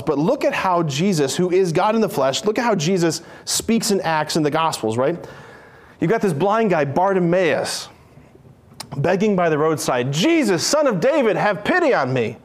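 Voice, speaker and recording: High-voiced, animated male preacher. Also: moderate pace. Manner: animated, playful, jokes and voices characters. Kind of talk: lively sermon with acted-out stories.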